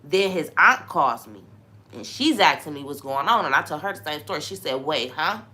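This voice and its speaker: A young woman hosting a podcast, talking in a relaxed, conversational way about faith and sometimes dropping into a hushed voice when she tells a story. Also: sits low, fairly quick. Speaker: podcast host. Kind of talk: casual spiritual talk.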